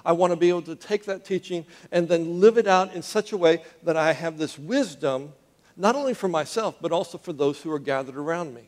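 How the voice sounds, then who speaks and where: Fervent preacher man, slightly high voice. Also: a little fast. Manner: call-and-response with the congregation, dropping to quiet intensity. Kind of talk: sermon.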